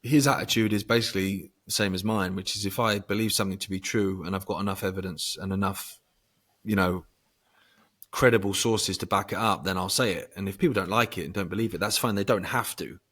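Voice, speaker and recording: A low-voiced man talking casually as a podcast guest. He swears freely and pushes some words out loud and high for emphasis. His voice sits lower than most men's. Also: fairly even intonation, fairly quick. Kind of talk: casual conversation.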